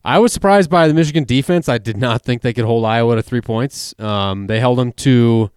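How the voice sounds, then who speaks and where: A man's voice: medium pitch, a little fast, a little mellow, clear, resonant tone, dry recording, studio quality. A man co-hosting a sports talk show, breaking down games in an analytical, rambling way. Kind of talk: casual sports chat.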